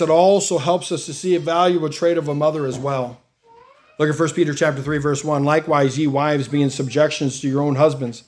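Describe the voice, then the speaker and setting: A middle-aged pastor with a notably high-pitched voice is giving a sermon. He reads scripture aloud and drives his points home with emphatic rises in his voice.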